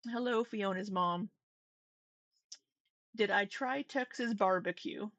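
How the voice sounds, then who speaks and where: A woman's voice: mid-range voice, slow, a bit bright, no room sound. A woman with a runny nose chatting casually on a live stream at home, rambling, greeting viewers and laughing easily. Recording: slightly dull lo-fi stream audio.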